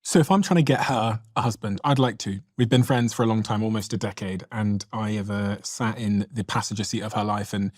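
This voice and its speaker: A man's voice: fairly low pitch, brisk, few pauses, a little mellow, dry recording, clean studio sound. A man hosting an interview, chatting and asking follow-up questions. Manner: conversational, asks follow-up questions. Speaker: podcast host.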